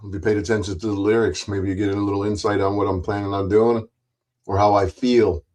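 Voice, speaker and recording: A man's voice: fairly low pitch, little pitch movement, a little fast, a little mellow. A man streaming an angry ranting monologue, blunt and full of swearing, repeating himself with frequent restarts and mocking other people's voices.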